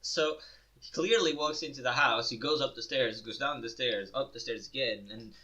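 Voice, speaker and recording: A man's voice: mid-range voice, moderate pace, sharp tone, dull audio. A young man co-hosting a casual podcast, telling a story with lots of swearing and laughter. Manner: swearing, laughing storyteller who imitates voices. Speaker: podcast co-host. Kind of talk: casual chat.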